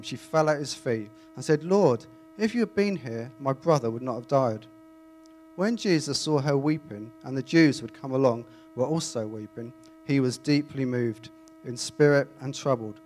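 A man reading scripture aloud and then preaching in a chatty, animated way to a congregation. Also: mid-range voice, moderate pace. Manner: conversational, animated, self-interrupting. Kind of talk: Bible reading and informal sermon. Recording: faint mains hum.

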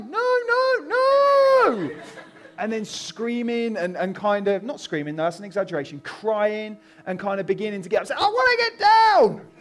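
A man preaching a sermon in a conversational, animated storytelling way, acting out voices. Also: high-pitched. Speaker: pastor.

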